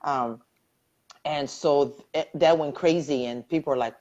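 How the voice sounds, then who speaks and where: A woman's voice: extremely low pitch, moderate pace, a little mellow, lo-fi sound. A middle-aged woman earnestly sharing her personal story as a cancer survivor in a live online interview, often repeating phrases for emphasis.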